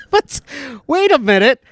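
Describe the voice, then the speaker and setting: A man co-hosting a casual podcast, laughing often and tossing in quick agreements. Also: very high-pitched, sing-song, a bit bright. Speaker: podcast co-host. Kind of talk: casual chat.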